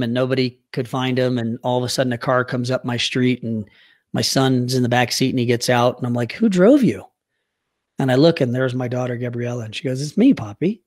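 Earnest middle-aged American man. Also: mid-range voice. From United States. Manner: earnest, heartfelt, at times choked up. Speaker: guest; youth hockey coach. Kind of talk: emotional personal storytelling.

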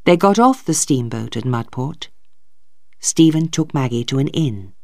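Slow, lilting storybook narrator. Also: mid-range voice, animated. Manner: slow, clearly paced storytelling. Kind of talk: slow graded-reader narration for learners.

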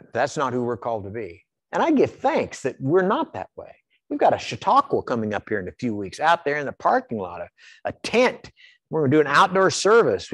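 A man from Iowa preaches in a church, spinning folksy personal stories. His pitch swings widely as he tells them. The sound is dry and close. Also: slightly rough, dry recording. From Iowa, USA. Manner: folksy storytelling, animated, repeats words. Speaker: pastor. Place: church sanctuary.

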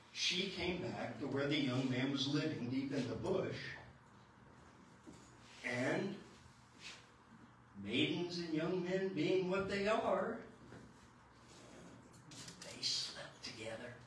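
A man preaching, telling a folk tale slowly and dramatically with repeated phrases, recorded in a church sanctuary. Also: on the high side, animated, a bit bright, slight background noise. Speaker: pastor. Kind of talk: sermon storytelling. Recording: echoey church from far off.

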